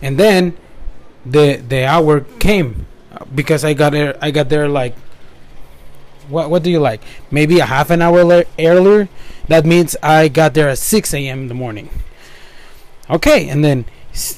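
A young Spanish-speaking man with a fairly high, darkish voice casually recounts his work in the first person, rambling, restarting often and drifting into asides.

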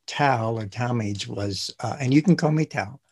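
A man's voice: mid-range voice, a little slow, a little mellow, slightly rough. A man from Indiana, a guest on an interview podcast, easygoing and laughing as he tells anecdotes. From Indiana, US Midwest. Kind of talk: casual interview.

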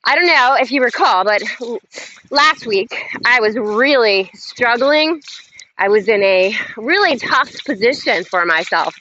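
A woman's voice: a little high, expressive, unhurried, pushed and bright. A woman hosting a motivational talk, speaking emphatically and leading chant-like affirmations. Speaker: host. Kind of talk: motivational self-help talk. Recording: slightly dull lo-fi audio, faint noise.

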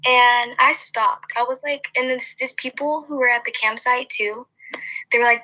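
Young woman, casual podcast storytelling, rambling with many restarts, bright voice, fairly high pitch. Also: fairly even intonation, moderate pace, rough recording. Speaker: podcast host.

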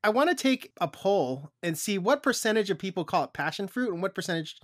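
A man's voice: high voice, expressive, fairly quick, no echo, clean studio sound. Joking male podcast co-host. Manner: joking, self-deprecating, laughs often. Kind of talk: casual chat.

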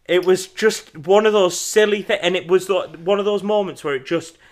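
A man's voice: high voice, fairly even intonation, moderate pace. A man co-hosting a podcast, telling a personal story in a rambling, casual way with lots of fillers. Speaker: podcast co-host. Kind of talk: casual chat.

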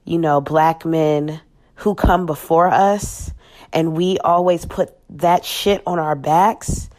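A woman's voice: deep voice, steady tone, slow pace, darkish tone. A woman talking candidly as a podcast guest, blunt and profane, often restarting her sentences. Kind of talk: candid personal reflection.

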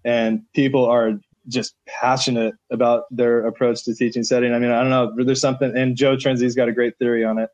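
A man's voice: mid-range voice, darkish tone, dry recording, highs cut off. A man who coaches setters for a national team, talking emphatically in a podcast interview with lots of filler words.

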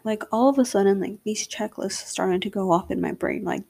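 Candid woman with a gravelly voice. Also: mid-range voice, brisk, hardly any pauses, warm tone. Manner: candid, rambling, many fillers like "like" and "right?". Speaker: podcast host. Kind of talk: casual solo podcast monologue.

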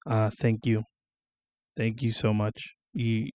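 Young male solo podcaster, mellow, dry-sounding home recording, rambling and profane. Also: lowish voice, little pitch movement, takes it slowly, pauses often, dry recording. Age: young adult. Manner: rambling, swears casually, many fillers and restarts. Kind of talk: casual solo podcast monologue. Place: at home, on camera.

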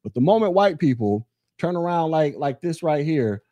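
A man's voice: fairly high pitch, sing-song, normal speed, dark tone, no room sound, muffled recording. A man hosting a solo podcast, delivering a sarcastic, ranting opinion commentary straight to his listeners. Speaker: podcast host.

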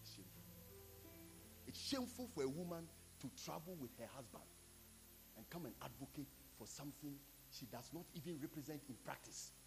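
A man with a Ghanaian accent preaching a sermon, building up to shouted lines. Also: mid-range voice, very animated, fairly quick, rough recording. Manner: preaching, switching between Twi and English, rising to shouts. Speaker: pastor. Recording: with loud music behind.

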